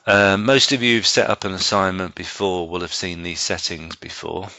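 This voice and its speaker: A man giving a live software training presentation to staff, explaining step by step with frequent ums and restarts. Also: sits low, steady tone, moderate pace, gravelly, no echo, dull audio. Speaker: learning technologist giving a staff training session.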